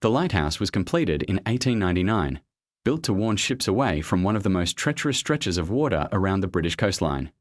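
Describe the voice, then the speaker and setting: A man narrates a documentary script in a grave, measured way, pausing on rhetorical questions. His voice sits low but moves through a lively, wide pitch range. The recording is dry and close, with no room sound. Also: dry recording.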